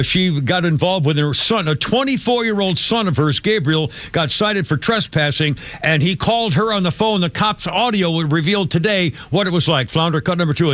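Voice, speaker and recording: A man hosts a talk radio show from a dry studio mic, his pitch a touch high and swinging widely as he talks. He runs the show with blunt, wry commentary and lots of fillers. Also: fairly bright tone, no room sound. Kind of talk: casual talk radio banter.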